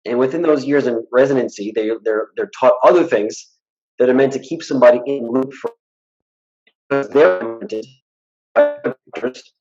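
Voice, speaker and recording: This hypnotist guest talks at a moderate pace with medium pitch over dull audio, faint music in the background. Blunt and animated, he performs the dialogue of people he's quoting during the casual interview.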